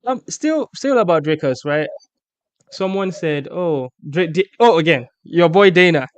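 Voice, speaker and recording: A man hosts a loose sports conversation in a slightly raised voice, animated and prone to restarts. The sound is close and dry, with no room around it. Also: on the high side, a little slow, clean tone, no room sound. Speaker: podcast host. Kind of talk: casual sports chat.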